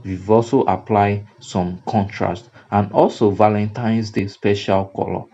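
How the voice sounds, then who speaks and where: A man's voice: lowish voice, steady tone, unhurried, dark tone, muffled recording. A man with a Nigerian English accent teaching graphic design over a screen recording, repeating and restarting phrases for emphasis. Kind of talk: screen-recorded software tutorial.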